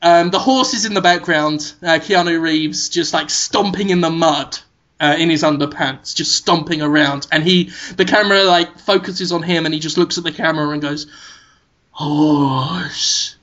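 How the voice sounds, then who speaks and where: A man improvising an absurd comedic story in a rambling, deadpan way, full of "like" and "um", on a muffled recording. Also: fairly high pitch, normal speed.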